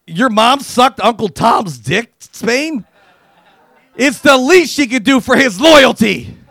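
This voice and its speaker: A man with a high-pitched voice does a crude, profane stand-up routine, riffing and acting out quotes in loud, punchy bursts. There's no echo.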